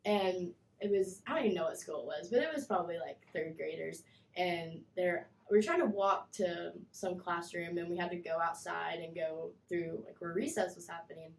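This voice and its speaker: A young woman telling animated stories in a casual chat as a guest, full of fillers. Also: on the low side, moderate pace, vocal fry, roomy sound, slight background noise. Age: young adult. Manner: animated storytelling, acts out kids' voices, many fillers. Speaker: guest, former mascot performer.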